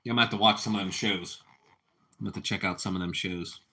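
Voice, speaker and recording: Laid-back man, bright voice, chatting live. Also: low-pitched, fast. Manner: relaxed, rambling, chats with viewers and his cat. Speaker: livestream host. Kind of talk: casual live-stream chat.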